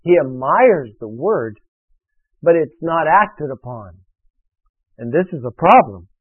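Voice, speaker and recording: A man's voice: a little high, very animated, slow pace. A man preaching a sermon, emphatic and repetitive as he drills a point home to his congregation. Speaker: pastor. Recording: phone-like radio broadcast.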